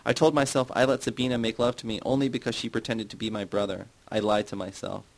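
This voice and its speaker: A man's voice: on the low side, little pitch movement, fast, creaky, rough recording. Man voicing a bitter, wistful middle-aged woman. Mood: confessional.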